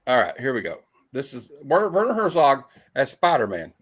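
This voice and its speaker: A man's voice: mid-range voice, wildly swooping pitch, fairly quick, a bit bright, breathy edge. Stream host, man, medium voice, jokey and loose, cuts in on the others. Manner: joking, laughs easily, talks over others. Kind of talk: casual chat.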